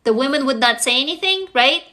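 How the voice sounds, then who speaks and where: A woman's voice: high voice, expressive, fairly quick, sharp tone. A woman from Russia, hosting an emotional livestream monologue in a raw, intense and profane way. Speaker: livestream host.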